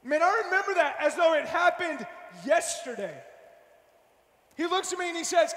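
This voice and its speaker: High-voiced man preaching loudly in a hall. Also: animated, normal speed. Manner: loud, fervent, slangy with "man" and "dude". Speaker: youth speaker. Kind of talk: energetic youth sermon. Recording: echoey hall with long reverb.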